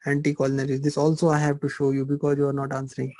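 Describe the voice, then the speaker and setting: Dry-voiced lecturing man, flat and mellow. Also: medium pitch, very fast, dry recording, poor audio. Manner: repetitive, asks rhetorical questions, teasing. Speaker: pharmacology lecturer. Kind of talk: live online lecture.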